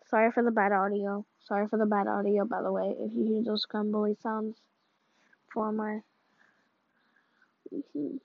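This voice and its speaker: A woman giving casual, rambling commentary while playing, excitable and mock-ranting. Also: mid-range voice, a little slow, gravelly, pauses often, no room sound. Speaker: video creator. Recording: dull lo-fi audio.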